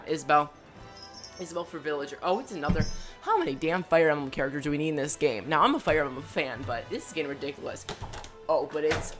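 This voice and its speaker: A woman reacting to a game trailer as a YouTuber, gushing and excitable, with loud exclamations and jokey asides. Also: sits low.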